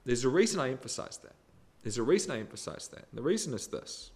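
A middle-aged man preaching a sermon, expressive and emphatic, with sudden rises and drops in loudness. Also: medium pitch, fast.

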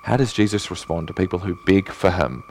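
A male pastor preaching a sermon in earnest, asking rhetorical questions and swinging between emphatic and hushed delivery. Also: low-pitched, a little fast, a little hiss or hum.

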